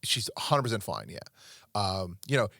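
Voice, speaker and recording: A man's voice: lowish voice, very animated, normal speed, vocal fry, pushed and bright, no echo, studio quality. Rambling, earnest middle-aged man host. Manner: rambling, earnest storytelling with many restarts. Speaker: podcast host. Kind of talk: casual podcast chat.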